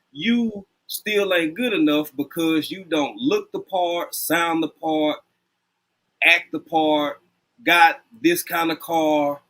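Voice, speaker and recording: A man in his fifties with a slightly higher pitch, talking bluntly and plainly. He swears freely and doesn't soften his opinions. He comes through a video call microphone. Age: 50s. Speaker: livestream guest. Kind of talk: candid conversation. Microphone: video call mic.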